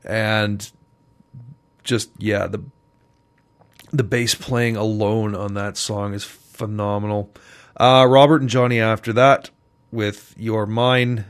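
A man hosting a community radio music show, casually back-announcing tracks in a relaxed, rambling way with many ums. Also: fairly low pitch, takes it slowly, pauses often, clear, resonant tone.

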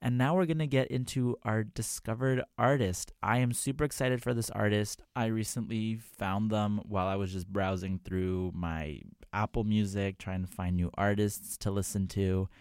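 Gravelly young man chatting on radio. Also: lowish voice, no room sound, clean studio sound. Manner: chatty, full of "like" and "um", excitable. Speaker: radio show host. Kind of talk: casual storytelling on air. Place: radio studio.

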